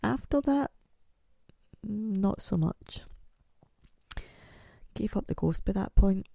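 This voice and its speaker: Gravelly woman with a chest infection. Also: mid-range voice, lively intonation, slow, mellow, dry recording. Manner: rambling, chatty and self-mocking. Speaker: podcast host. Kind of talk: casual solo podcast chat.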